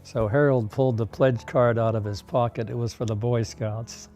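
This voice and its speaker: An older man telling stories in a documentary interview, unhurried, with fillers and soft laughs. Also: medium pitch, fairly even intonation.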